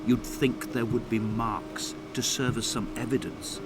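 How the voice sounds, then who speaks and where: An actor voicing a weary, haunted man, narrating in a measured, precise way. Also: medium pitch, very noisy, lightly acted. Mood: brooding. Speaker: game narrator. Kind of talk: scripted narration. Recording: narration over loud game music.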